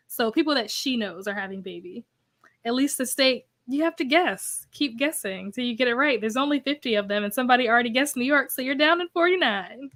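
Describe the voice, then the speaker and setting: A woman's voice: on the high side, fairly bright tone. A young woman hosting a casual livestream, chatting and reading viewer comments aloud, laughing often. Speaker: host.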